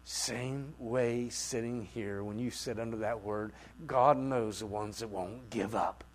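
Slow, dramatic male preacher. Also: lowish voice, steady tone. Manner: dramatic, swings from quiet asides to loud outbursts; acts out quoted voices. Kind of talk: sermon.

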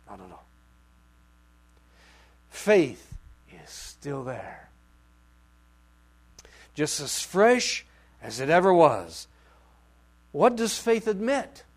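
Slow, dramatic male preacher. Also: on the high side. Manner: dramatic, swings from quiet asides to loud outbursts; acts out quoted voices. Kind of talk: sermon.

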